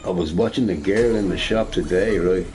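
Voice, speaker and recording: A man's voice: low-pitched, normal speed, mellow, slight background noise. A middle-aged man ranting casually while he games, swearing and tagging his lines with "right?". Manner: rambling, profane, tags lines with "right?". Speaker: shop boss and gamer. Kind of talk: casual rant while gaming.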